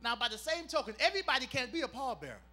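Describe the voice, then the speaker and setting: A man's voice: very high voice, big pitch swings, rapid-fire, bright, forceful tone, faint music behind. A man performing clean stand-up comedy, playful and teasing the crowd.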